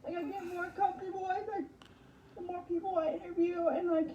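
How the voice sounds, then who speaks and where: Woman, very high voice, mellow tone, halting repeated words, echoey dull recording, faint background noise. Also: flat delivery. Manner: halting, repeating words, slow effortful speech. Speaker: podcast host as guest. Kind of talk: casual interview answers.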